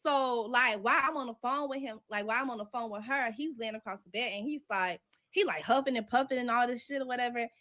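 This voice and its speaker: A woman's voice: on the high side, fast talker, bright, forceful tone. A woman telling a personal story casually and animatedly with lots of profanity, acting out the dialogue she quotes.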